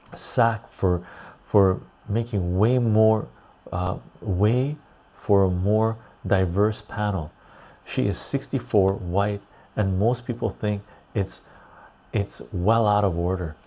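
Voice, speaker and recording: A man's voice: fairly low pitch, slow, warm tone. A man hosting a casual livestream, reading chat aloud and rambling loosely. He sounds tired and laughs easily.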